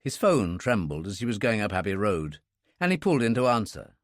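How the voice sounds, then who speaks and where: A man narrating a thriller audiobook in a steady, expressive reading. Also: fairly low pitch, fairly quick, no room sound, studio quality. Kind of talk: scripted narration.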